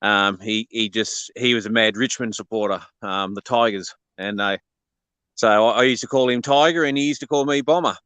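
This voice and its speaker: Australian man, guest caller, smooth clear voice, dry close sound. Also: lowish voice, normal speed, no room sound. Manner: relaxed, rambling, hesitant fillers. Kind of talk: casual chat.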